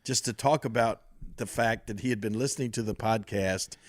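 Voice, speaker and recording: A man's voice: fairly low pitch, normal speed, no room sound, studio quality. An older man hosting a podcast, telling rambling stories with laughs and switching into voices for the people he quotes. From American South. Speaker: podcast host, former wrestler. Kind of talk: casual chat, storytelling.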